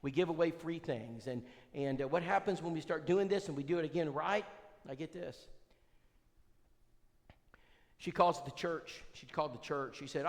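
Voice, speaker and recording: A male preacher leading an evangelism seminar, folksy and animated, quizzing his listeners. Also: on the high side, fairly quick. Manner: animated, folksy, quizzes the audience, many restarts. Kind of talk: conversational seminar talk with storytelling. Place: church hall. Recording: reverberant church hall.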